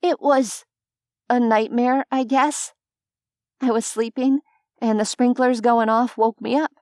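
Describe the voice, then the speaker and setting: A woman's voice: on the high side, fairly even intonation, slow, a little mellow, no room sound, clean studio sound, voice pushed up. Woman reading as a flustered, wry young heroine. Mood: nervous. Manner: nervous, quipping, hesitant. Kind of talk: audiobook character voice.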